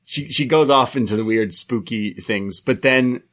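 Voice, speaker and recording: A man's voice: medium pitch, measured pace, fairly bright tone. A man co-hosting a wrestling podcast, chatting casually and recapping the show with acted-out quotes. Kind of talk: casual chat.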